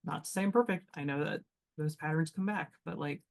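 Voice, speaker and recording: A woman's voice: low voice, brisk, vocal fry. Teacher type, a woman thinking aloud on a podcast, loose and rambling, heavy on filler words. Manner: reflective, rambling with many fillers. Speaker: guest. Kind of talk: casual podcast chat.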